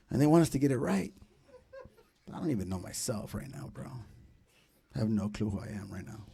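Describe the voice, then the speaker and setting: A man in his thirties hosting a comedy show, doing loud, profane, teasing crowd work from a club stage. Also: a little high, slightly rough.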